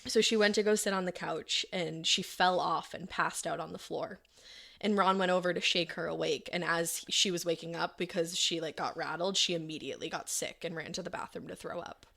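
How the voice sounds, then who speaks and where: Low, gravelly woman telling a true-crime story. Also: fairly even intonation, brisk, pushed and bright. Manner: conversational, frequent "like" fillers, acts out quotes. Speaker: podcast host.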